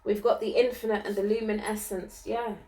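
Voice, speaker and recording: A woman giving a channeled card reading, gentle and reassuring, often ending her sentences with "okay?" and laughing lightly. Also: medium pitch, flat delivery, brisk, recorded from a distance, rough recording. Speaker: spiritual card reader.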